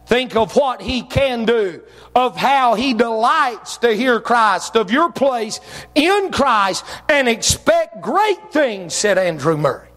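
A man preaching a sermon as pastor, with folksy phrasing, shouted emphasis and drawn-out phrases. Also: extremely high pitch, big pitch swings. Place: church sanctuary. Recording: long reverb of a church hall.

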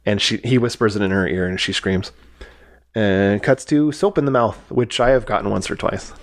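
A man co-hosting a film review podcast, chatting casually and retelling scenes with quick acted-out quotes. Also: on the low side. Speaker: podcast co-host. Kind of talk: casual movie review chat.

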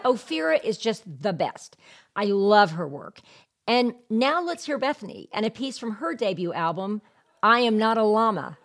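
A woman's voice: mid-range voice, lively intonation, moderate pace. Woman host reading podcast introductions. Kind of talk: scripted podcast narration.

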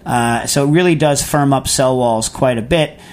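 A man's voice: mid-range voice, moderate pace, darkish tone. A man hosting a food radio show, answering a listener's question in a rambling, chatty way full of fillers and restarts. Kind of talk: casual call-in answering.

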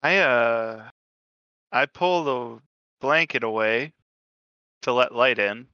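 A man's voice: mid-range voice, slow, clean tone, dry recording, muffled recording. A man playing a tabletop game, joking loosely as he describes his agent's moves. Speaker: player. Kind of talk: casual tabletop play.

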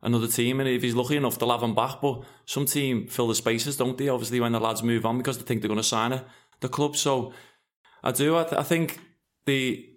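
A man's voice: mid-range voice, fairly even intonation, a little fast. A middle-aged former footballer and father talking frankly in a rambling, casual conversation, often restarting his sentences. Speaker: former pro footballer guest.

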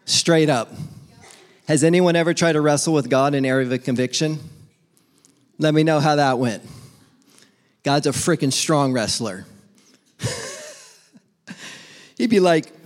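A man's voice: a little high, sing-song, a little slow, long pauses. A young adult man preaching a casual, humorous sermon as pastor, acting out little back-and-forth dialogues between people and God.

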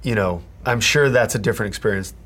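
A man's voice: fairly low pitch, quick pace, a bit bright, breathy edge. A man interviewing a guest, asking long, winding questions full of qualifiers. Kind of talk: conversational interview.

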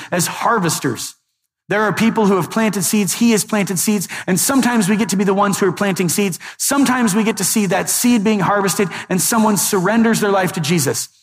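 A male pastor preaching a sermon in a lively, conversational way with joking asides. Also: sits high, fairly quick. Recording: echoey hall.

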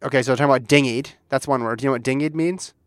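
A man's voice: medium pitch, very fast, no room sound, studio quality. A man co-hosting a casual sports talk show, playfully quizzing his co-host. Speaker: podcast co-host. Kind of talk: casual chat.

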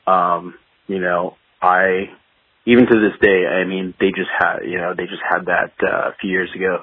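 Husky-voiced man on a tinny line. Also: sits low, level tone, normal speed, dry recording. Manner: rambling and anecdotal, laughs while telling stories. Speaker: guest musician, guitarist. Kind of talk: casual interview storytelling. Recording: tinny phone-like line, dry.

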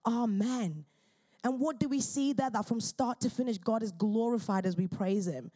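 Earnest woman preaching, mellow voice. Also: a little high. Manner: earnest, fervent, with quick restarts. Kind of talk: sermon.

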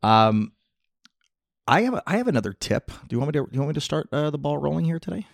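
A man's voice: on the high side, very animated, fast, vocal fry, no echo, clean studio sound. A middle-aged man hosting a podcast, telling long rambling jokey stories in casual chat. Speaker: podcast host. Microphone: podcast mic, close.

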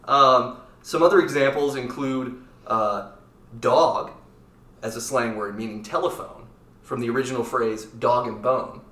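A man's voice: mid-range voice, fairly even intonation, bright, forceful tone, far from the mic. A man hosting a casual podcast and running a quiz game, playful and jokey. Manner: playful, jokey, quick asides. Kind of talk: casual chat. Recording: echoey room, off-mic.

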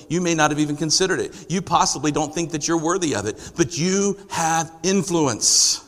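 High, bright-voiced preacher in a hall. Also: male voice. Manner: rhetorical questions to the congregation, building to emphatic declarations. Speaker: pastor. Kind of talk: sermon. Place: church sanctuary. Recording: long hall reverb.

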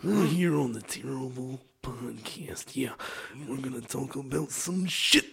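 A man doing a gravelly impression of a hyped-up wrestling showman. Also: mid-range voice, a little slow, a bit bright.

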